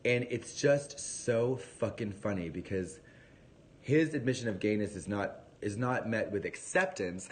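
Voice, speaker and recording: A man hosting a casual livestream, rambling and profane, telling a story in an animated way into a phone. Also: lowish voice, measured pace. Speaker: livestream host.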